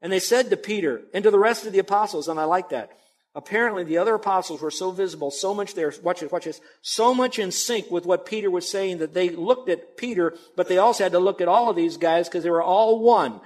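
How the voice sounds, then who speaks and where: A man's voice: high-pitched, fast. A man pastor preaching a sermon in a conversational, emphatic way with asides to the congregation.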